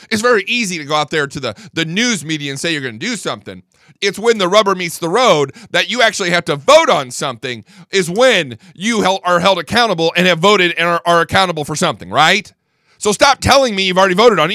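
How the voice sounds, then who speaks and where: A combative male talk host rants with a high, swinging voice that jumps all over. His tone is bright and edgy, and he swears freely and stumbles over repeated words when heated. The sound is close and dry. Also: no echo. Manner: angry, combative, swears a lot. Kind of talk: political talk show rant.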